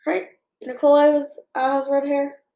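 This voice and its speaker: A woman's voice: high-pitched, little pitch movement, normal speed, lo-fi sound. A woman co-hosting a podcast, chatting in an easygoing way and chiming in with many short agreeing replies. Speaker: podcast co-host. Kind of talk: casual chat reviewing a TV episode. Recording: echoey room.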